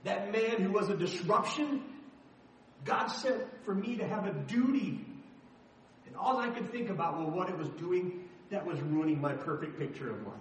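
A man's voice: high voice, animated, moderate pace, slight background noise. A middle-aged man preaching a sermon, telling a story in an emphatic, dramatic way. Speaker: pastor. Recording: echoey hall from far off.

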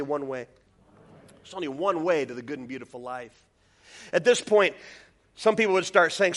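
Middle-aged guy pastor preaching, high bright voice, goofy self-mocking stories. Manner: animated, self-deprecating, jumps into high voices for comic quotes. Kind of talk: sermon with storytelling.

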